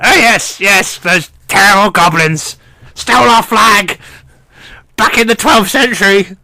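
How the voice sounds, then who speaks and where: A doddering old male gnome lord speaks in a high, thin, fussy voice, dodging every question, as a man puts him on. The tone is bright and pointed. It sounds close and dry, like a tabletop game played over a voice call. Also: a little slow, dry recording, full character voice. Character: ancient greasy male gnome lord, henpecked and dim.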